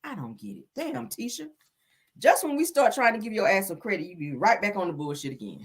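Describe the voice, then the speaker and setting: A woman's voice: lowish voice, lively intonation, fairly quick, fairly bright tone. A woman hosting a gossip livestream, talking sassily with drawled asides and frequent laughter. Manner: sassy and drawling, peppered with "honey" and "child"; laughs often while mocking. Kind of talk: casual live commentary.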